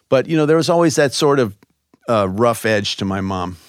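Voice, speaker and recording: A man from Chicago, a guest in an interview, telling stories in a loose, animated way with many fillers. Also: mid-range voice, moderate pace, clean tone, no room sound, clean studio sound. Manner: animated, lots of "you know" fillers. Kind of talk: conversational interview storytelling.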